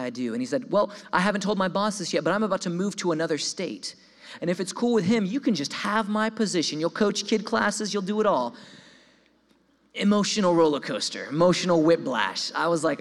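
Young man, slightly high voice, energetic testimony in a reverberant hall, trips over repeated words. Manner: animated storytelling, voices his own quoted thoughts; repeats words when excited. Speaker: speaker giving a testimony. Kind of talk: sermon testimony.

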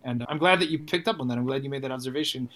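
A man, a songwriter, talking casually in an interview, animated and rambling, with frequent restarts and swearing. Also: mid-range voice, rapid-fire, soft background music. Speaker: songwriter and musician guest.

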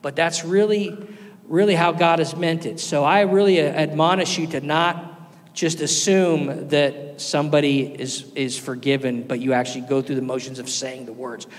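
A man preaching a sermon, earnest, rising to loud emphasis and dropping to soft, quiet lines. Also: a little high, fairly even intonation, moderate pace. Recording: long hall reverb with faint music.

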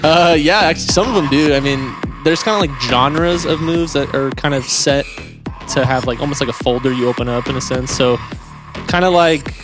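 A man's voice: fairly high pitch, normal speed, over music. A man as a guest in a casual interview, talking in a loose, rambling way with many fillers. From California. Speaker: guest, a glover.

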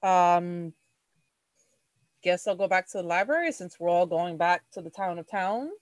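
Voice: mid-range voice, measured pace, no room sound. A player in a tabletop game, talking casually with laughs and hesitations. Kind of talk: casual tabletop role-play.

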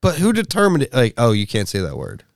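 A man in loose banter whose pitch leaps high and low as he asks wry questions. His voice is recorded close and dry. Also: huge pitch swings, fast talker, vocal fry, no echo. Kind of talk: casual chat.

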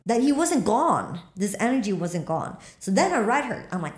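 A woman telling a story in casual talk. She acts out her own lines with sudden jumps up into squeaky highs. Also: moderate pace. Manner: animated, acts out quotes with sudden high squeaks. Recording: echoey room.

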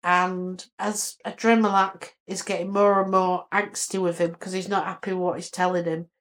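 A woman co-hosting a casual book chat, retelling scenes in a chatty, animated way. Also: on the low side, normal speed. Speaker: podcast co-host.

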